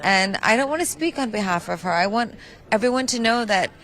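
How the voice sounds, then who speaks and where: A woman's voice: medium pitch, lively intonation, a little fast, a bit bright, low-quality recording. Woman singer, earnest and heartfelt, red carpet interview clip.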